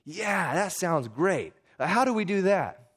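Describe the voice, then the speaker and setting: A man's voice: normal speed, natural voice. A man voicing an eager, hot-headed young schoolboy in a story he reads aloud during a sermon. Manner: excited, higher-pitched boyish voice.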